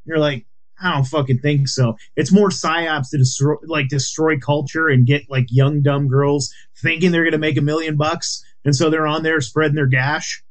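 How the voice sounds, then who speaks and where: A man's voice: on the high side, steady tone, moderate pace, hardly any pauses. A man co-hosting a podcast in crude, rambling casual chat, blunt and full of swearing and fillers. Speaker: podcast co-host.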